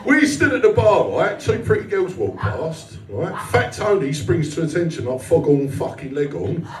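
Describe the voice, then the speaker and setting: A man's voice: on the high side, very animated, normal speed. A British man in his forties doing live stand-up on a club stage, telling a crude story full of swearing. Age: 40s. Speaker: stand-up comedian. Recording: echoey club from far off. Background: laughing crowd.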